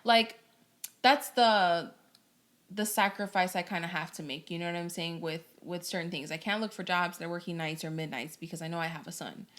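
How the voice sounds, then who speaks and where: Bright-voiced young woman co-host. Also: on the low side, fairly quick. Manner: warm agreeing backchannels, laughs, mock-polite voices. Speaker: podcast co-host. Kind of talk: casual chat.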